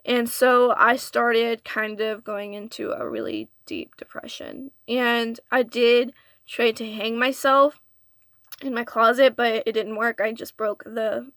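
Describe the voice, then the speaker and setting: Earnest young woman, bright close voice. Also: on the high side, steady tone, slow pace, no room sound. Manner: earnest, confessional retelling. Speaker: vlogger. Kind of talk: storytime vlog.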